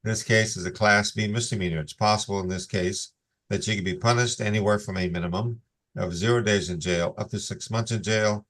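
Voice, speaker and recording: A man presiding as judge over a court hearing on a video call, reading legal warnings in a measured, formal cadence. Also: fairly low pitch, steady tone, a bit bright.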